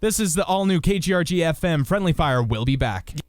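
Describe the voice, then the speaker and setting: A man's voice: fairly high pitch, expressive, brisk, no echo. A man co-hosting a morning radio show from the studio, with a playful announcer delivery. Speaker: radio co-host. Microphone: studio microphone.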